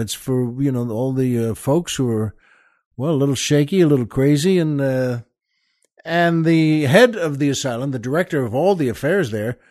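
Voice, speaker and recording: A man's voice: on the high side, darkish tone, dry recording, clean studio sound. A man hosting a comedy podcast, telling a joke in a rambling, folksy way with many hesitations. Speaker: podcast host. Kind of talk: comic storytelling and joke telling.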